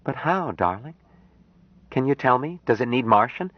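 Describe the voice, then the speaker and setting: A man reading an audiobook, voicing an anxious, tender young woman in a lifted, soft, worried voice. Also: mid-range voice, expressive, moderate pace, slightly rough, no echo, voice pushed up. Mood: puzzled. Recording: dry, dull lo-fi audiobook recording.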